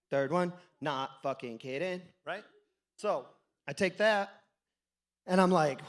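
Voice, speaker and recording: A young man with a high voice tells a crude, rambling story on a comedy club stage. He swears constantly and keeps cracking himself up as he goes. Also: lively intonation, takes it slowly, pauses often. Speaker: stand-up comic. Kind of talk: stand-up comedy set.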